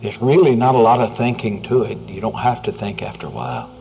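A man preaching a sermon in an earnest, conversational way, often dropping to a hushed near-whisper. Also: lowish voice, sing-song, brisk, vocal fry, a little hiss or hum. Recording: dull lo-fi recording with faint music.

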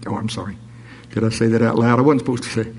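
A man preaching a sermon, reading scripture aloud with jokes and asides in an animated way. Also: medium pitch, quick pace, slightly rough.

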